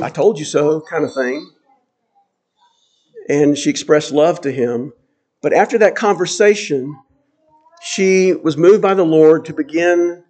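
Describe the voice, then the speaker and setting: A man's voice: a little high, a little mellow. A man preaching a sermon to his congregation, earnest and emphatic, often repeating key phrases for weight. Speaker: pastor.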